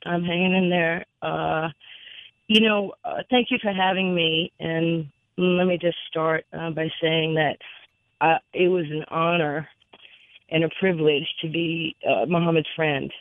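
A middle-aged woman, a radio guest, telling a personal story with many fillers and an earnest, halting way of talking. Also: fairly low pitch, steady tone, no echo. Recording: tinny phone line, dry.

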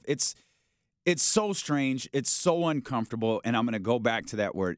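A man hosting a sports talk show, arguing his point in a casual, animated way and acting out how people might react. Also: mid-range voice, fairly quick, no echo, studio quality. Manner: animated, argumentative, acts out quoted reactions.

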